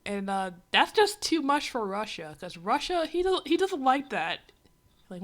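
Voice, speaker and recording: Woman streamer, slightly high voice, rambling sarcastic reaction commentary. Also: sing-song, a little slow. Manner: sarcastic, exasperated; rambling with many asides. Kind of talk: casual reaction commentary on a comic.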